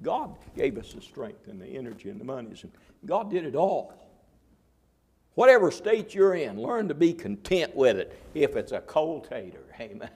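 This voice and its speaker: Folksy gravelly-voiced preacher. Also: male voice, medium pitch. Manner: folksy preaching with swings from murmurs to loud exclaims. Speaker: pastor. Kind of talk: sermon.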